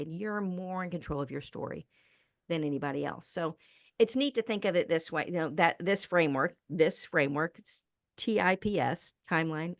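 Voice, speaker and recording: A woman who is a speaker and author, talking in a podcast interview as an animated storyteller who acts out the people in her stories. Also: low voice, dry recording, clean studio sound.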